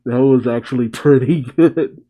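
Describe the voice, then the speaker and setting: A man's voice: medium pitch, unhurried, mellow. A man hosting a casual read-along reaction to a comic, narrating and laughing often between the quoted lines.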